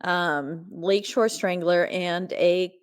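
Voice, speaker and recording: Slow, low-voiced woman podcast co-host. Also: clear, resonant tone. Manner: chatty, rambling with fillers and laughs. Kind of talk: casual movie recap chat.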